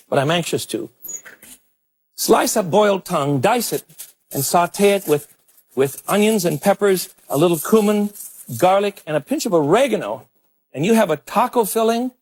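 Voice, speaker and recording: A middle-aged man with a slightly high, slightly mellow, husky voice hosts a cooking show from a studio kitchen, showing dishes to the camera. He's chatty and enthusiastic, exclaiming over the food, in a 1980s television broadcast recording.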